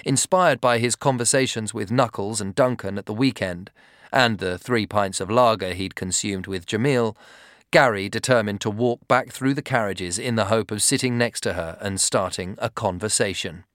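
A man reading a story aloud in a measured storytelling manner. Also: lowish voice, a bit bright, no room sound, clean studio sound. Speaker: narrator. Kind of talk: scripted narration.

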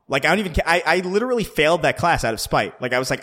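A young man co-hosting a podcast, telling stories in casual chat with plenty of swearing and animated restarts. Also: a little high, rapid-fire, few pauses. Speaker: podcast co-host.

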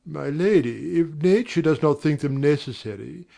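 A man voices a faithful, deferential butler who speaks with quiet formality. The tone is mellow and warm, pitched a little high for a man. It suits a respectful servant in an old stage play. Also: expressive, moderate pace, vocal fry. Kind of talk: amateur audiobook drama reading.

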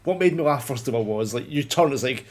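A man's voice: medium pitch, lively intonation, quick pace, noisy background. A man chatting casually about a film, rambling with many restarts and swearing freely. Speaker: film podcast co-host. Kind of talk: casual chat.

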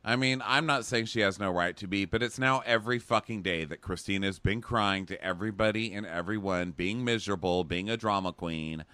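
A man's voice: on the low side, a little fast, hardly any pauses, sharp tone, smooth, no echo. A man co-hosting a podcast, recapping a show in a sardonic, profane, gossipy chat. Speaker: podcast co-host.

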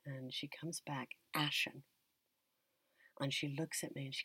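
A US actress and teacher tells a personal story in an interview, reflective and in no hurry, often trailing off and picking back up. Her voice rumbles low and level, with a sharp tone and a breathy edge, and there's no echo.

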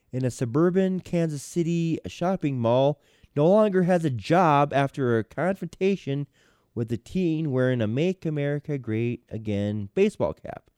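A man with a mellow, smooth voice hosts a casual talk show, reading out news items and then musing on them. He rambles and hesitates between thoughts. The sound is dry and close. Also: on the high side, no echo. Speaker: podcast host.

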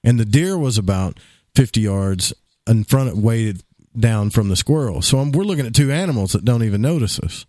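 Animated male storyteller on a talk show. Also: medium pitch, fairly quick, no echo, studio quality. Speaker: guest.

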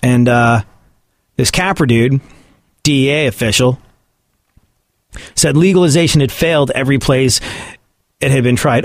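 A man's voice: mid-range voice, moderate pace, long pauses, no room sound, clean studio sound. Sarcastic male comedic news commentator. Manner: sarcastic, laughs at his own points.

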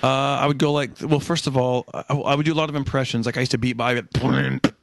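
A middle-aged man telling comic stories in casual chat, animated and slipping into voices. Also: mid-range voice, fast, heavy background noise. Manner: animated, jumps into character voices. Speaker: comedian guest.

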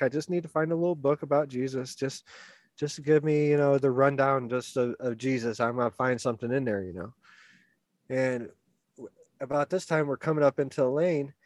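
A man's voice: mid-range voice, no echo. A man telling a long personal story in a casual, rambling way, repeating words and laughing at himself. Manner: laughs through his own story.

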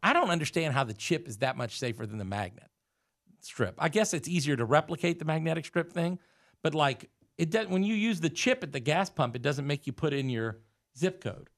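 A man in his forties from the United States, talking in a slightly high voice. He tells stories with energy in a relaxed conversation between friends and acts out the other people in them. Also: a little fast. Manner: animated storyteller who acts out quoted voices. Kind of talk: casual chat, storytelling.

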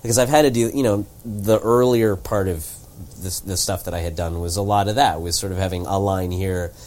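A young man guesting on a podcast, talking casually with halting restarts and frequent agreement. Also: deep voice, steady tone, darkish tone. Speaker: guest actor. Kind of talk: casual interview chat.

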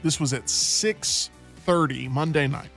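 Fairly high-voiced guy hosting, animated storyteller, soft music behind. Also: measured pace. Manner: animated storyteller who acts out quotes. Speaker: host. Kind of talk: casual chat.

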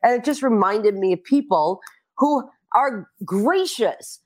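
A middle-aged woman telling animated stories in casual chat, swearing freely and acting out quotes. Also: on the high side, takes it slowly. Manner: animated storyteller who swears and acts out quotes. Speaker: guest.

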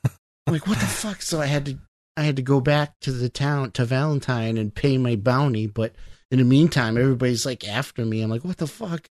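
A man's voice: medium pitch, fairly even intonation, fairly quick, darkish tone, no room sound, studio quality. A man in casual chat, animatedly telling stories about a video game and acting out his own reactions, swearing freely. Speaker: gamer.

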